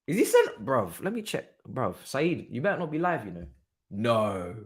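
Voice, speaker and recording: A man streaming a live football watchalong, talking excitedly in slang and thinking aloud. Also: mid-range voice, moderate pace.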